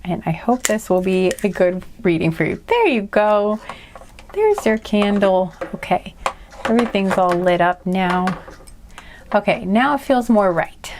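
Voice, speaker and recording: A woman's voice: medium pitch, lively intonation, measured pace, background noise. A woman giving a casual tarot card reading, chatty and rambling, often apologizing and laughing at herself. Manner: rambling, apologetic, self-deprecating. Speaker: tarot reader.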